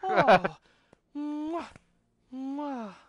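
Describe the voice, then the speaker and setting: An actress voicing a soft-spoken woman from a haunted past in a video game, telling a story theatrically. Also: sits high, lively intonation, drawn-out words, dull audio, full character voice. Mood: tender.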